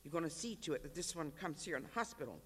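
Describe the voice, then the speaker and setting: A reader voicing a pregnant country wife, torn between defiance and prayer, in a live reading of a novel. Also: male voice, fairly high pitch, lively intonation, fast talker, a bit bright, breathy edge, in a large hall. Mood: defiant.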